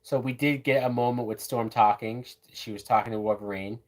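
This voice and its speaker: Casting note: male reviewer doing a live watch-along, relaxed and chatty, mid-pitched voice, lots of "man" and "like". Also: brisk. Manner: loose, chatty, says "man" and "like" a lot. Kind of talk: casual live commentary.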